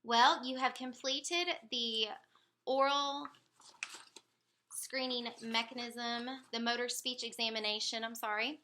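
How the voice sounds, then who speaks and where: A woman running a motor speech examination, giving calm step-by-step instructions. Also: a little high, slow pace. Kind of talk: clinical motor speech exam.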